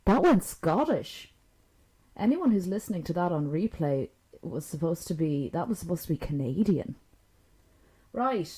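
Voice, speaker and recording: A woman streamer swears her way through a rambling, frustrated chat, mocking herself as she goes. Her voice sits low for a woman but swings widely up and down. She talks into a desk microphone. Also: big pitch swings, a little slow, long pauses, dark tone, slightly rough, low-quality recording. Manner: profane, frustrated, self-mocking. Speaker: livestreamer. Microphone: new desk microphone with knobs.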